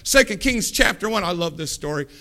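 Preaching a sermon with fervor, a man swings between quiet asides and loud climaxes, acting out the Bible characters as he tells their stories. His delivery is expressive and a bit fast.

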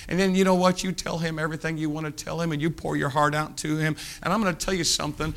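An older man preaching a sermon, telling stories, moving between hushed asides and emphatic points. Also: a little high, steady tone, fast, hardly any pauses.

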